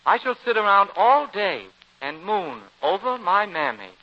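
A man's voice: high voice, very animated, measured pace. A man playing a prim, naive boy heir in a sing-song manner, in 1940s radio comedy. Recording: dull old radio recording with faint hiss.

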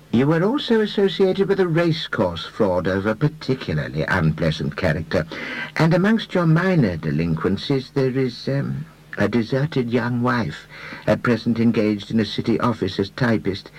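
Male narrator voicing a soft-spoken middle-aged detective; husky, lilting, careful diction. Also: medium pitch, pitched above the performer's own voice, natural voice, poor audio. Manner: gentle, deliberate, precise phrasing. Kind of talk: audiobook character voice.

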